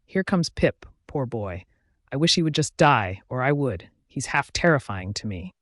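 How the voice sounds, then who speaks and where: A man's voice: medium pitch, very animated, moderate pace, a bit bright, no echo, clean studio sound. A man voicing a wry, superstitious ship's mate in an audiobook, musing in chatty asides.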